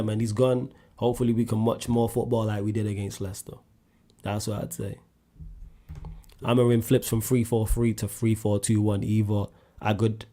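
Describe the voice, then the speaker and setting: Gravelly-voiced man, blunt sports chat. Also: lowish voice. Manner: animated and blunt, rising sharply when making a point. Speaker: solo sports show host answering viewer questions.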